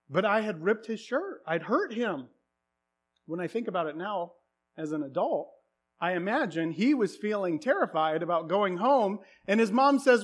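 A man's voice: sits high, sing-song, normal speed, breathy edge. A man preaching a sermon through a self-deprecating personal story, casual and full of fillers.

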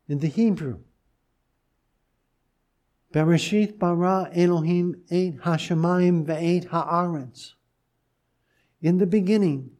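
A man preaching a sermon as pastor, speaking gently and deliberately with pauses and restarts. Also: fairly high pitch.

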